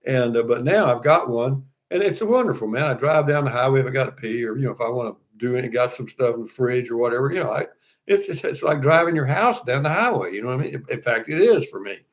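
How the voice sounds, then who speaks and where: A man's voice: medium pitch, expressive, fast talker. Older male host, folksy and rambling, casual stream chat. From Texas. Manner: folksy, rambling, many fillers and restarts. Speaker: livestream host. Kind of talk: casual chat reading viewer comments.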